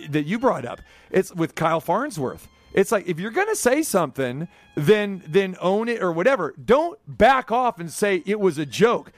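A man's voice: high voice, no room sound. A man hosting sports talk, arguing his point in an insistent, emphatic way. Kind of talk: sports radio commentary and debate.

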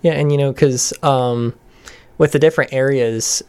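A young man in an easygoing radio chat, talking about his craft as an actor. He speaks at a middling pitch and now and then breaks into a quick put-on accent to make a point. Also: fairly even intonation, smooth. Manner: chatty, tries out accents mid-sentence. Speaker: actor guest on radio show. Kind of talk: casual radio interview chat.

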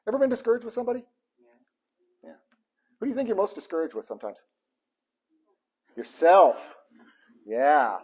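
Guy preaching, kinda husky and a bit high, tells bible stories with lots of voices and jokes. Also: brisk, long pauses. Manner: animated storytelling with quoted voices and asides. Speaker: pastor. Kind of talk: sermon.

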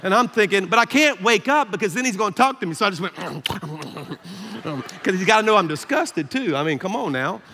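A man with a Southern American accent preaching a sermon as pastor, telling a story in an animated, self-deprecating way and laughing often. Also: sits high, fast talker, hardly any pauses, slight background noise. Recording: echoey hall reverb.

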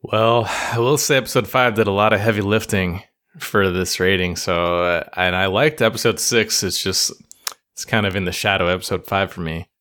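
A man's voice: deep voice, moderate pace, fairly bright tone. A man co-hosting a casual podcast, enthusiastic and swearing casually. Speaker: podcast co-host. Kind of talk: casual chat.

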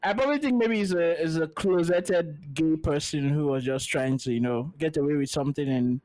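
A man whose voice is on the high side and darkish in tone hosts a podcast over a remote call, at normal speed. Laid-back and opinionated, he talks casually with many restarts, and the audio is dry and poor.

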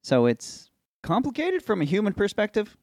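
A man's voice: sits high, huge pitch swings, normal speed, darkish tone, no room sound, clean studio sound. A man co-hosting a casual Christian podcast, offering short reflective remarks. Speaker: podcast co-host.

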